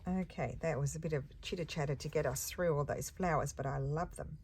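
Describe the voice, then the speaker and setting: Low-voiced chatty woman crafter. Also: fairly quick, a little mellow, slight background noise. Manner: rambling, chatty, thinks aloud with hums and ums. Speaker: embroidery crafter and shop owner. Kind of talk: casual chat while stitching.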